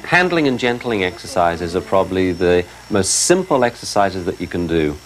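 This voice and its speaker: A man teaching a dog training class, explaining briskly and barking short sharp commands at the dogs. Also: low-pitched, big pitch swings. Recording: long hall reverb.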